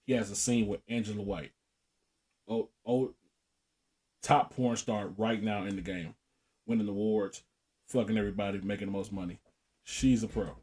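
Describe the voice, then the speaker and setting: A man's voice: fairly low pitch, a little mellow. A young man co-hosting a podcast, telling a profane story in casual chat and laughing often. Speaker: podcast co-host.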